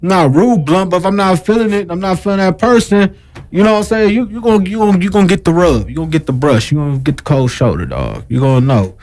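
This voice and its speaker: A young American man chatting as a podcast guest, loose and slangy, who stumbles through restarts as he gets going. His voice sits on the high side, and he talks in a lively rush. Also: quick pace. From United States. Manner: animated, slangy, repeats himself. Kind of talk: casual chat.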